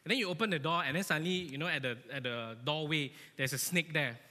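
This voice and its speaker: A man giving a lively, joking sermon to a church, animated and often asking his listeners "right?", in an echoey church hall. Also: fairly high pitch, fast. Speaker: church speaker.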